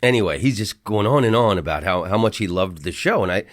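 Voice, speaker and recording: Lively middle-aged American man rambling. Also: on the low side, fast talker. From United States. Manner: rambling, animated, with asides and restarts. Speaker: podcast host. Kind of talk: casual storytelling monologue. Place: hotel room.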